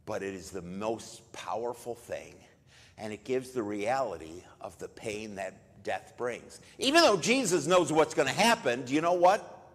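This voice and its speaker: A man preaching at a memorial service, retelling a story in a conversational way and jumping much louder for quoted lines. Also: medium pitch, very animated, measured pace. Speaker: pastor. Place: church. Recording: long church reverb.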